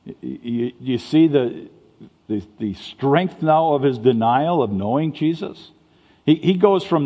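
A pastor with a warm, medium-pitched voice preaches slowly and expressively. He keeps his sermon conversational but stumbles into restarts, and the church sanctuary wraps everything in long reverb.

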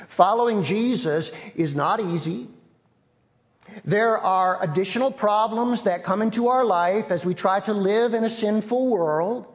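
A man preaching a sermon as pastor, telling a story in an earnest, measured way. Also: high-pitched. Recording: long reverb of a large hall.

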